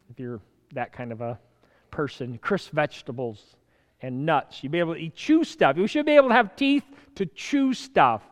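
A man preaching a sermon in an animated way, swinging from loud, urgent bursts to quiet asides, with the odd chuckle. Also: fairly high pitch, long reverb tail.

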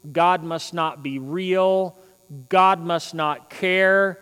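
A male pastor preaching a sermon, swinging between loud, emphatic runs and quiet, joking asides. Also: sits high, clear, resonant tone. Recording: long reverb of a large hall.

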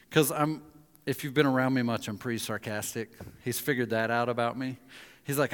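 A male pastor gives a sermon, turning hunting stories into lively scenes where he acts out each speaker. He sits in the middle of the male pitch range, and his voice carries a long hall reverb. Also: moderate pace. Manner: animated storyteller acting out quoted voices. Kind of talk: sermon with storytelling.

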